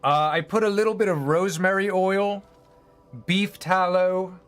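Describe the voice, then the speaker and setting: A man's voice: sits high, steady tone, unhurried, fairly bright tone, smooth. A man streaming, chatting casually in a rambling, opinionated, profane way. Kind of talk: casual chat while streaming.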